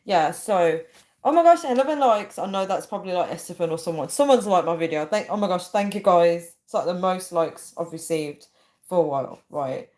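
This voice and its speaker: A woman's voice: fairly low pitch, a little fast, darkish tone. Chatty young woman hosting a livestream. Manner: laughs a lot, chatty, reads viewer names aloud. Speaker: livestream host. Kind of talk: casual livestream chat reading comments.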